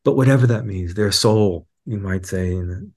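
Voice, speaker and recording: A man with a lowish voice talks through ideas in a reflective podcast conversation. He is an animated storyteller who jumps his pitch up whenever he acts out what someone else says. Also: moderate pace. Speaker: guest teacher.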